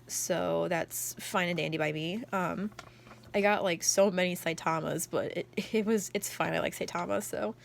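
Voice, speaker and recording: A young adult woman chatting casually about her journal, rambling, excitable, and packing her talk with "like.". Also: fairly low pitch, gravelly. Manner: rambling, heavy on "like" fillers; excitable storyteller. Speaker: journal vlogger. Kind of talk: casual chat.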